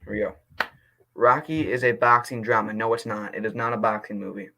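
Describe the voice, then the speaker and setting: A young man reading movie reviews aloud in a casual vlog, passionate and quick to get indignant, then apologizing. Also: lowish voice, steady tone, gravelly, sharp tone, low-quality recording.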